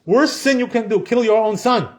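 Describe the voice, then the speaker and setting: A man's voice: sits high, normal speed, darkish tone, voice pushed up, natural voice. A man voicing a scheming male devil who badgers with incredulous questions.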